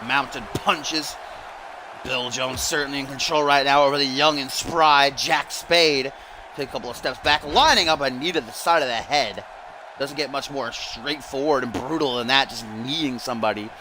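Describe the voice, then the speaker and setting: A man giving live-stream play-by-play commentary on a wrestling video game, excitable and often rising to shouts on big moves. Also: mid-range voice, normal speed. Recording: clear background noise.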